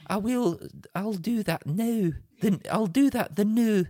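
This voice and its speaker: A sweet-talking Scottish wife, as a man puts her on, pitched well above his own low voice and laying the devotion on thick. The mock Scottish accent is broad and exaggerated, and the sound is close and dry. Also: measured pace, mellow, no echo. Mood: breezy. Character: teasing Scottish wife, adult woman.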